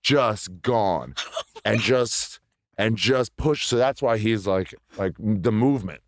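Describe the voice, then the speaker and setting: Male comedian guest, very low voice, loose rambling anecdote, dry close sound. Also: no echo. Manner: rambling, halting storytelling with restarts. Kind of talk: casual storytelling chat.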